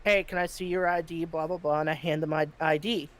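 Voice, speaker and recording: A man's voice: a little high, little pitch movement, a little fast, a bit bright. A man hosting a podcast, telling a story in casual chat and getting heated, with plenty of swearing. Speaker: podcast host.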